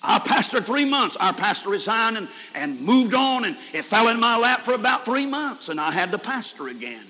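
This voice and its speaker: A man preaching a camp meeting sermon, telling folksy stories and swinging between shouts and hushed whispers. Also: sits high, sing-song, moderate pace, few pauses. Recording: hissy 1990s recording in a reverberant hall.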